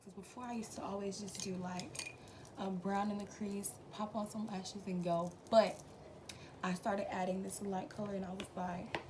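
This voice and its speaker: A young woman with a slightly raspy just-woke-up voice, chatting casually to viewers through a makeup tutorial at home. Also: mid-range voice, normal speed, noisy background. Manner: chatty, relaxed, talks to viewers as friends. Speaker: beauty vlogger.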